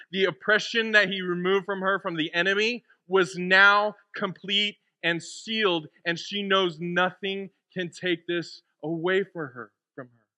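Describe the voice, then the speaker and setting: A male pastor delivers a heartfelt sermon to his congregation. His voice sits high and sounds bright and forceful. He speaks with feeling and sometimes gets choked up. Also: no echo. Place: church with a congregation.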